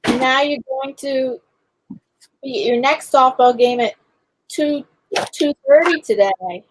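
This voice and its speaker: A woman's voice: high-pitched, slow pace, slight background noise, poor audio. A woman hosting a casual live chat stream, greeting viewers by name as she talks. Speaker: livestream host.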